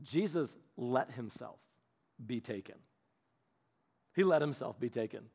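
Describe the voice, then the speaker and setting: A male preacher telling a Bible story in an animated, playful way, with asides. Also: medium pitch, a little slow. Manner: animated, playful, laughs at his own asides.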